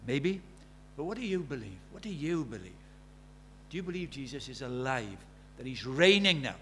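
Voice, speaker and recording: A man's voice: medium pitch, very animated, moderate pace, a bit bright, slight background noise. A man preaching a sermon, emphatic, repeating key phrases and asking the listeners rhetorical questions.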